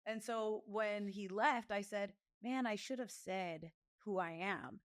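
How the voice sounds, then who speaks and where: A woman in her thirties telling lively stories in a casual interview, acting out other people's voices. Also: slow. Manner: animated, acts out other voices with big pitch jumps. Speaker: guest, professional fighter.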